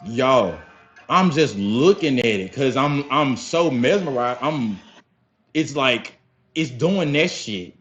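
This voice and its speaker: A young man telling a story casually to his viewers, animated and profane, often calling them y'all. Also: mid-range voice, slow pace. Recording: slightly dull lo-fi sound with faint music.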